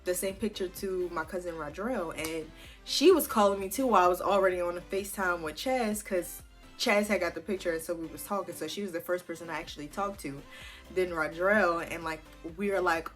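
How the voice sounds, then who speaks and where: A woman's voice: on the low side, brisk, soft background music. A woman, chatting casually and animatedly to her viewers as she tells a personal story, swearing freely along the way. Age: 20s. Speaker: vlogger.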